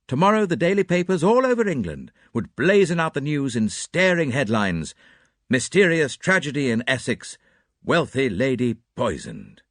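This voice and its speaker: A man reading a mystery novel aloud as an audiobook narrator, with an expressive, dramatic delivery. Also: mid-range voice, no echo, studio quality. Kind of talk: scripted narration.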